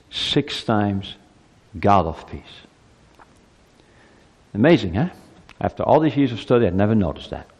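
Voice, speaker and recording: A man in his fifties delivers a Christmas sermon in a church with a lively, swinging pitch. He drops to hushed asides and then climbs to loud, ringing peaks. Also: long reverb tail. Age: 50s. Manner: animated preaching, rising loud on climaxes, dropping to soft asides. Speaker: pastor.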